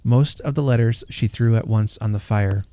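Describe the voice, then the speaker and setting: Narrator for a classic story read aloud: man, mellow warm tone, unhurried and gentle. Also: on the low side, clear, resonant tone, dry recording.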